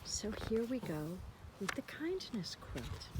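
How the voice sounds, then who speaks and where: A woman reading a picture book aloud for a church children's lesson, slow and expressive, with soft quiet asides. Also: medium pitch, noisy background.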